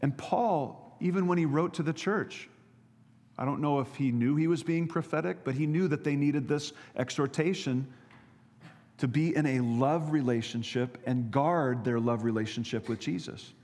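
A man's voice: a little high, moderate pace, darkish tone, in a large hall. A man preaching a sermon as pastor, earnest, often repeating and restarting his words.

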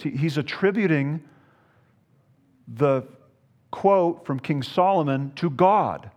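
Man, pastor, sermon, animated, emphatic, slightly high voice. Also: slow, pauses often. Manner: animated, emphatic, repeats words, playful asides. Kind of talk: expository Bible teaching sermon.

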